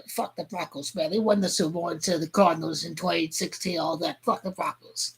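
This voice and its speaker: A woman vlogger ranting crudely about football, rambling and heated, with sudden shouting outbursts. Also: lowish voice, steady tone, brisk, vocal fry, few pauses, husky. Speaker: sports fan vlogger. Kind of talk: profane football rant.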